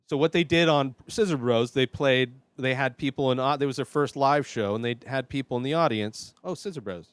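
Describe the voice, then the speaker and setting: A man hosting his own vlog, nervous and rambling with many fillers, swinging between quiet mutters and loud outbursts. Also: medium pitch, normal speed, no echo, clean studio sound. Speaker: show host. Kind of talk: casual solo vlog.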